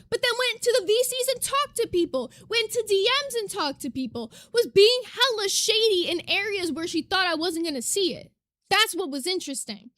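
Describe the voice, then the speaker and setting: A woman's voice: sits high, pushed and bright. A young woman streamer ranting to her live chat, emphatic, profane and indignant as she lays out her side.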